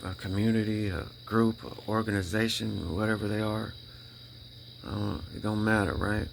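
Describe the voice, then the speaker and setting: Deep-voiced man giving an emphatic testimony. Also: fairly even intonation, creaky, background noise. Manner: emphatic, repeats himself, keeps checking in with "right?" and "you know?"; halting restarts when emotional. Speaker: vlogger sharing a personal faith testimony. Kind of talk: casual spoken testimony.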